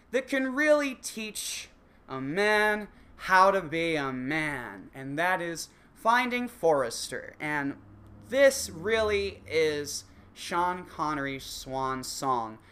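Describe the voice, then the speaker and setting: A man's voice: on the high side, bright, forceful tone, clean tone. A man delivering a profane, sarcastic comedic rant, swearing constantly. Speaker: comedic ranter.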